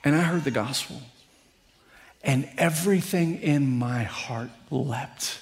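A man's voice: mid-range voice, slow pace. A middle-aged man preaching a sermon as pastor, earnest and building to fervent appeals.

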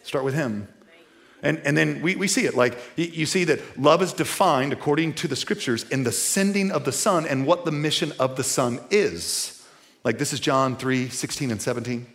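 A man preaching a sermon to a live congregation, animated, with folksy asides, moving between loud and quiet. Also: medium pitch, brisk. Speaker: pastor. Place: church before a live congregation.

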